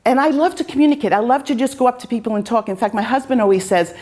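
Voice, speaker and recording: Chatty, animated woman telling stories. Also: on the high side, very fast. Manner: chatty, self-deprecating and animated. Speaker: host; fencing coach. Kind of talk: casual anecdotal storytelling.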